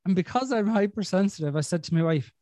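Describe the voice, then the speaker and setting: A man's voice: high-pitched, expressive, quick pace, warm tone, no room sound. A man hosting a podcast in casual chat, blunt and sweary with a self-deprecating streak. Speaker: podcast host.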